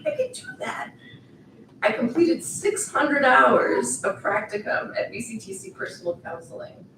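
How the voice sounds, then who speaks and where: A woman's voice: mid-range voice, a bit bright, distant mic, a little hiss or hum. A middle-aged woman giving a ceremony speech, playful and encouraging, talking straight to the graduates. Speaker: commencement speaker. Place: large event hall. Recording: echoey hall, voice heard from afar.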